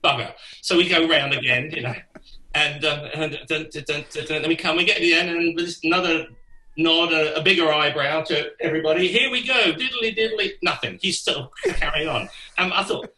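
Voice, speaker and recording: A man, telling a lively anecdote as a podcast guest, laughing and swearing casually as he goes. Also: fairly high pitch, a little fast, roomy sound, a little hiss or hum, low-quality recording. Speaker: guest musician. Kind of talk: anecdotal storytelling.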